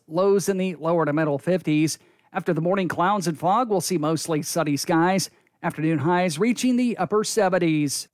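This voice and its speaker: Higher-voiced male weather forecaster. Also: dry recording, clean studio sound. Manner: crisp, scripted delivery. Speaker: meteorologist.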